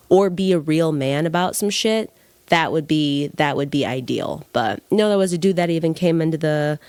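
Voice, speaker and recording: A woman's voice: sits low, a little mellow, no room sound. A young woman hosting a podcast, talking bluntly in a heated, casual monologue and swearing freely. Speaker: podcast host.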